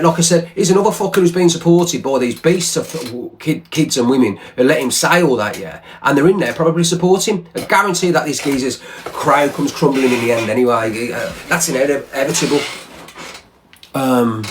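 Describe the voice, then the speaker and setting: A man's voice: a little high, slight background noise. A man ranting angrily on a livestream, swearing and repeating himself. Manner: heated, profane, repetitive. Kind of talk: angry livestream rant.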